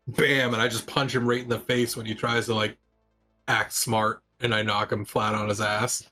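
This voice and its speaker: A man with a mid-range voice eagerly narrates his character's brawl in a tabletop game. He describes each move with lively detail. Faint music sits in the background. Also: mid-range voice. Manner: animated storytelling of action. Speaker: player. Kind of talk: casual tabletop play.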